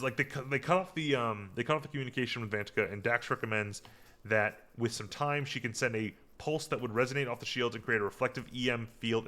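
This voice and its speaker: Man, podcast host, casual episode recap, bright tense tone, rambling, filler-heavy, mid-pitched.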